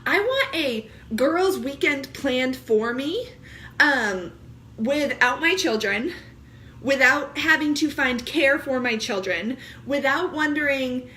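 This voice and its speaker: A woman in her thirties, a mother of young kids, talking casually to camera in an animated, joking way with frequent laughter. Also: sits high, takes it slowly, a little hiss or hum. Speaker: vlogger.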